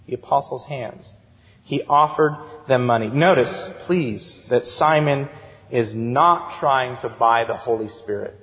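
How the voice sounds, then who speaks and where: A man in his thirties preaching a sermon as youth director, telling stories with animated, acted-out voices, heard in a church sanctuary. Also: medium pitch, unhurried. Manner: animated storytelling, acts out excited voices. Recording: dull sound with long church reverb.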